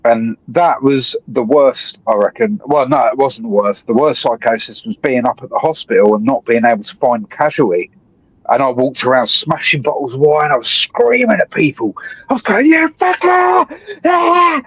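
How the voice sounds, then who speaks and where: A man, calling into a live stream and rambling excitably with plenty of swearing. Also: medium pitch, normal speed, slightly rough, no room sound. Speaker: guest caller on a live stream. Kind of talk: rambling casual chat. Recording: dull dry call audio.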